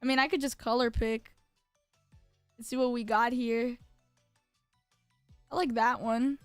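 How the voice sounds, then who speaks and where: Young woman streamer, high bright voice, dry close mic, bubbly rambling chat. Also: steady tone, a little slow, smooth, no echo, faint music behind. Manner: bubbly, lots of filler words, jumps between topics. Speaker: VTuber streamer. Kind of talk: casual live-stream chat.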